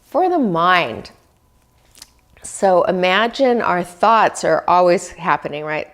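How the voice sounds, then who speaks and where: Slow, gentle woman giving wellness tips. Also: lowish voice, lively intonation. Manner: slow, gentle, asks the listener questions. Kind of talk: reflective self-help talk.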